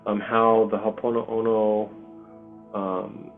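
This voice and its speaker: A man hosting a spiritual community video call, speaking softly and hesitantly with many pauses and ums. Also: fairly low pitch, little pitch movement, creaky. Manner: soft-spoken, hesitant, full of pauses and ums. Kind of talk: heartfelt spiritual community talk. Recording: tinny call audio with faint music.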